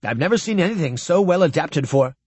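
An eager, curious scientist who exclaims and fires questions, his voice leaping well above the reader's own as a man acts him out. A storybook figure, loud with excitement. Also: on the high side, brisk, breathy edge, no echo, pitched above the performer's own voice. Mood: excited.

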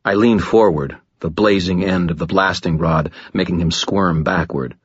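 A man narrating a first-person audiobook, gritty and dramatic, low and steady, close to the mic, in a dull, muffled recording. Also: normal speed, few pauses, breathy edge, dry recording.

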